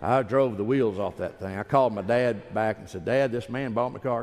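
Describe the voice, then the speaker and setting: A man's voice: on the low side, normal speed, hardly any pauses, a little mellow, a little hiss or hum. A man preaching a sermon in a folksy, emphatic storytelling manner. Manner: folksy, emphatic, acts out quoted voices. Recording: reverberant hall.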